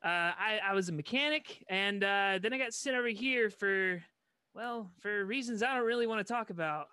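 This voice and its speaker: A man playing a young mechanic from New Jersey, in a wavering put-on Boston accent, halting and full of fillers. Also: high voice, sharp tone, smooth, no room sound. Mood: cheerful.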